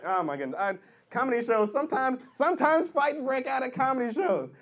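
A man performing a stand-up comedy set, loud and animated, shouting out the voices of characters in his bits. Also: very high voice, fairly quick. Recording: live club set with loud audience laughter.

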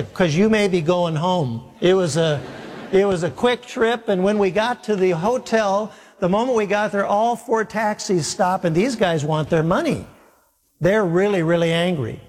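A man preaching as a pastor, telling a long story with humor and acting out the dialogue himself. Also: fairly high pitch. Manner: animated, self-mocking storyteller acting out dialogue. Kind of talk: sermon storytelling. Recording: long hall reverb.

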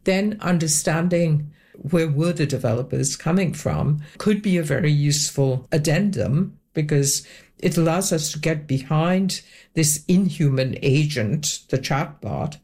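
A woman's voice: low-pitched, dark tone. Thoughtful academic woman. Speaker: academic guest. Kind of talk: interview answer.

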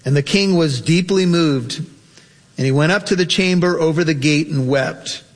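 A male pastor preaching a sermon with impassioned delivery, his voice climbing high on emotional quotes and then drawing into prayer. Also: normal speed. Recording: long hall reverb.

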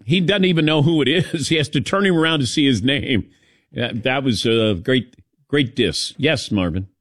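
A man hosting a sports talk show, animated and teasing as he calls on his crew by name. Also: medium pitch, normal speed, dry recording, studio quality. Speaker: sports radio host.

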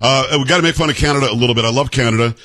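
A man from New York hosting a talk radio show, chatting casually with animated asides. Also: mid-range voice, very fast, dry recording.

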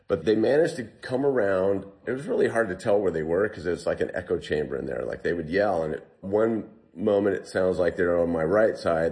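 A man telling a long survival story in an interview, retelling what people said in lively bursts. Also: deep voice. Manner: animated retelling, quotes himself and others.

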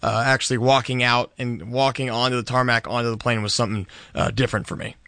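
Young man, bright hesitant voice. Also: medium pitch, fairly even intonation, no room sound, studio quality. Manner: hesitant, halting. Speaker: board operator.

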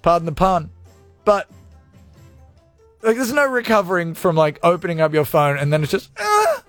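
Jokey radio host, high voice. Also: male voice, normal speed, fairly bright tone, faint music behind. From Australia. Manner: joking, swears casually. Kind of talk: casual radio chat with listener comments.

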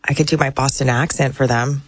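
A woman co-hosting a radio talk show in casual banter, playful and quick to laugh and exclaim. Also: very deep voice, steady tone, slightly rough, no echo.

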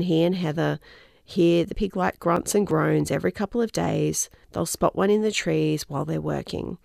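A woman's voice: lowish voice, creaky, a little mellow, dry recording, clean studio sound. A woman co-presenting a radio show, reading a magazine column aloud in a chatty way with small slips. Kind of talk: reading a newspaper column on air. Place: radio studio.

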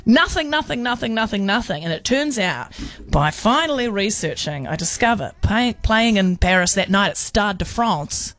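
A woman co-hosting a radio show, telling an animated story in casual chat, peppered with British slang and drawn-out terms of endearment. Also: medium pitch.

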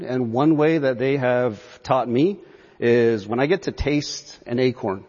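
A man from northeastern Arizona, a guest on a radio interview, telling stories in a relaxed way and laughing easily. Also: mid-range voice, moderate pace, in a large hall, dull audio.

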